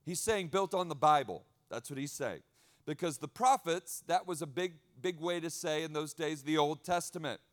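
A male pastor delivering a sermon in a lively, conversational way, repeating key phrases and dropping in casual asides. His voice sits a little on the high side for a man. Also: moderate pace. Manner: animated, conversational preaching with asides and repetition.

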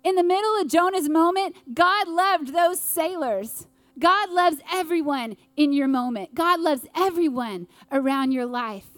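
A woman preaching an earnest sermon with dramatic pauses. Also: very high-pitched, no echo.

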